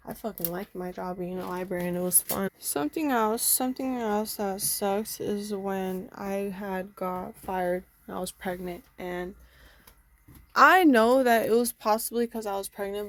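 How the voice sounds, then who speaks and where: A young woman venting bluntly in a candid home vlog, frustrated and swearing freely. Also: mid-range voice. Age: young adult. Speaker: vlogger. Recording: noticeable background noise.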